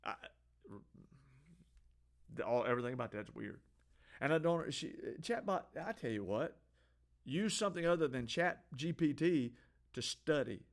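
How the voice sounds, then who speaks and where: A man's voice: fairly high pitch, expressive, normal speed, pauses often. Opinionated man reading headlines. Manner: offhand and opinionated, with frequent restarts. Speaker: host. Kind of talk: casual news commentary.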